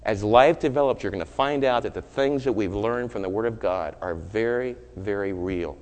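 A man who is a pastor delivering a sermon, moving from loud, urgent preaching to hushed, low storytelling. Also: normal speed, big-room sound.

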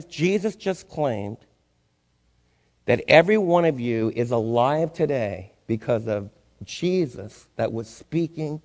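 A man's voice: medium pitch, darkish tone. A male pastor preaching a sermon, asking the congregation rhetorical questions with rising intensity. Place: church sanctuary. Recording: long reverb in a church hall.

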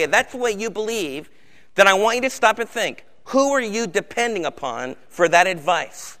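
A man's voice: sits high, sing-song, moderate pace, bright, forceful tone. A man preaching a sermon as pastor, conversational, with rhetorical questions to the congregation. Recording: hall reverb.

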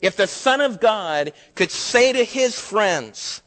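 Earnest high-voiced man preaching. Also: very animated, slow, hardly any pauses, big-room sound. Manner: earnest, swings from loud emphatic highs to hushed low passages. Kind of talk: sermon.

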